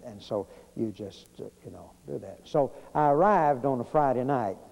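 A man preaches a storytelling sermon, folksy and unhurried, with many pauses and fillers. His voice is dark and mellow. A long church-hall reverb trails after each phrase. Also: mid-range voice, animated, vocal fry. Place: church sanctuary.

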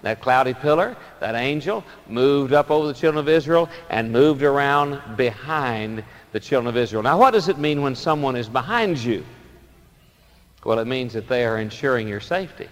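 A male pastor preaching a sermon, telling stories dramatically and swinging between loud emphasis and soft asides. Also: medium pitch, animated, moderate pace, long reverb tail.

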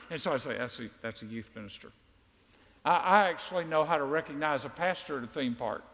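A man's voice: fairly high pitch, a bit bright. A man from Mississippi, preaching a sermon in a folksy, joking, conversational way. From Mississippi, USA. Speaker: pastor. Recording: long reverb of a large hall.

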